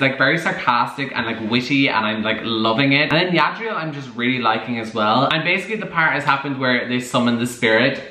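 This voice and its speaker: A man chatting in a casual reading vlog, gushing and animated, with lots of "like" fillers, recorded on a camera at home. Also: medium pitch. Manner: gushing and animated, heavy use of "like". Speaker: book vlogger. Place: room at home, lights off at times.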